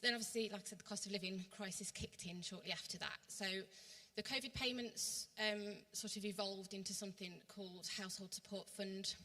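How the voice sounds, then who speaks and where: A woman's voice: mid-range voice, steady tone, brisk, sharp tone. A woman with a West Midlands English accent giving an earnest workshop talk as a council worker, with many ums and restarts. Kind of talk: workshop presentation. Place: church hall. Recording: long reverb from a hall.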